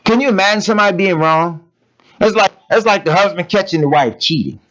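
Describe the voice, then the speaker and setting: High-pitched and a bit bright, this man's voice moves a little fast through his sermon. He drives each point home with emphatic, blunt rhetorical questions in casual, plain-spoken language, on a dull lo-fi recording.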